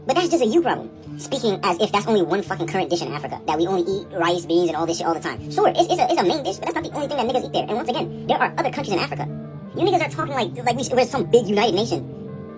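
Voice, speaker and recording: A woman in a blunt, profane, exasperated rant to the camera. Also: mid-range voice. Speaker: reaction video maker.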